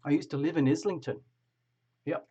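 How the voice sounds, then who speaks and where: A chatty man with a fairly high voice hosts a casual live tarot stream, greeting viewers one by one. The sound is dull and muffled, like a lo-fi recording. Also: a little fast, mellow, husky. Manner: chatty, greets viewers by name, laughs often.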